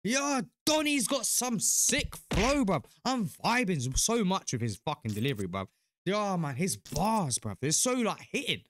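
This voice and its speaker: A young man with a British accent reacts to a track in an excited, slangy commentary. His voice sits high and bright and swings up and down with eager energy. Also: measured pace, a little hiss or hum. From United Kingdom. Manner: hyped, slangy, full of cheers. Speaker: reaction video host.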